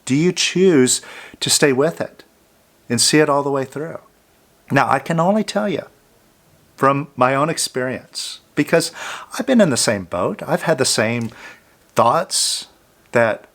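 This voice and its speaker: A man giving a calm self-help talk, coaching the listener directly and sometimes dropping to a soft, hushed voice. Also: medium pitch, unhurried, pauses often. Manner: drops to a soft near-whisper on "I love you, fear".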